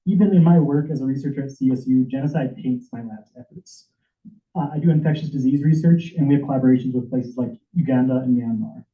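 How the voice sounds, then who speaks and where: A man giving an impassioned, emotional prepared speech as a public commenter at a senate meeting, urgent and stumbling at times. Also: mid-range voice. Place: meeting hall. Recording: echoey room over tinny phone-like audio.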